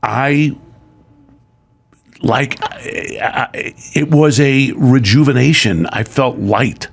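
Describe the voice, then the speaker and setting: A middle-aged man, a guest, telling a personal story in casual chat, emotional and animated. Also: medium pitch, takes it slowly, gravelly, slightly rough.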